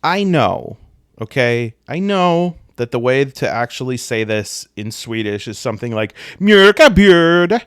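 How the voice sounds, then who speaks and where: A man's voice: mid-range voice, a little slow, clean tone. An American man chatting casually to camera about tabletop games. He jokes at his own expense and slips into goofy voices when quoting people. His voice sits mid-range, recorded close and dry with no room echo. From United States. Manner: joking, self-deprecating, puts on silly voices for quotes. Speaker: solo tabletop gaming host.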